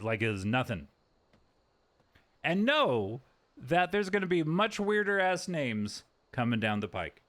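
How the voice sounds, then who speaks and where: A man giving casual live-stream commentary while he plays a video game. His voice sits a little high and swings up and down with plenty of life. He jokes around and lets out sudden yelps and the odd curse. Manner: animated and joking, with sudden yelps and swearing.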